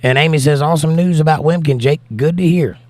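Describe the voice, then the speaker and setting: Tired after no sleep, an American livestream host reads his chat aloud and responds in a casual way. His voice is a little high and a little mellow, his pace quick, and the recording has no room sound.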